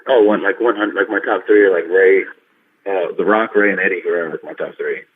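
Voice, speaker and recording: A man talking as a guest on an interview podcast, rambling excitedly and stringing his stories together with lots of fillers. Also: low-pitched, fast talker, a little hiss or hum. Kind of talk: casual interview chat. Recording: tinny phone-like line.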